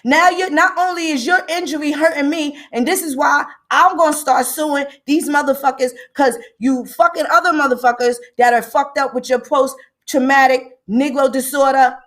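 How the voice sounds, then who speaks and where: A woman's voice: high voice, steady tone, normal speed, fairly bright tone. A woman hosting a livestream, ranting emphatically with a lot of profanity and greeting viewers by name. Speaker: livestream host. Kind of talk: livestream commentary.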